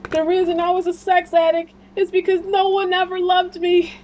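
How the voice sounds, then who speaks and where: Earnest grown man, as a woman puts him on, squeaky high voice, emotional, sincere. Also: flat delivery, normal speed, darkish tone, slight background noise. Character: earnest grown man baring his heart.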